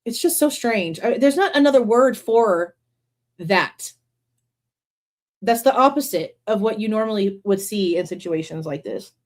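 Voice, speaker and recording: A woman's voice: mid-range voice, expressive, measured pace. A woman hosting a true crime livestream, reading passages from a book aloud and breaking off into blunt, sarcastic commentary with swearing. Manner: reads quoted passages, then breaks off to comment.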